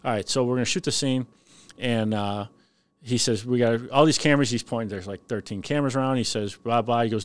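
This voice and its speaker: A man, a firefighter from the Chicago area, telling a long, profane story in casual chat and shouting out the lines he quotes. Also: mid-range voice, a little fast. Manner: animated, profane, shouts when quoting. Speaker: retired firefighter guest.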